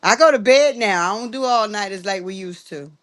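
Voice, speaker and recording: A woman's voice: medium pitch, fairly quick, no room sound. Drowsy middle-aged woman calling in from bed. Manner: relaxed, drowsy, laughing easily. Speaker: guest caller. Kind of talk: casual livestream chat. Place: in bed at home.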